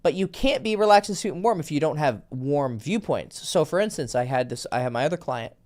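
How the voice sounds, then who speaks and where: Lively, animated man coaching on dating. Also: on the high side, a little fast. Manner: animated storytelling, acts out quoted texts; blunt, swears casually. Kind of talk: casual podcast conversation.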